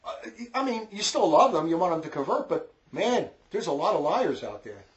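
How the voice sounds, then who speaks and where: A man with a New Jersey accent lectures on faith in an emphatic, repetitive way, pressing his points again and again. His voice sits a little higher than most men's. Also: sing-song, muffled recording. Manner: emphatic, repetitive, quick to scold. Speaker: religious teacher. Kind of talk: informal religious lecture.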